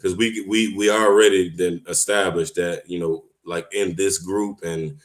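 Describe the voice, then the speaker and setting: A man with a deep, low voice hosts a casual livestream from his home computer. He talks loosely and informally, drops in slang and laughs often as he goes. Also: steady tone, unhurried. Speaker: online livestream host.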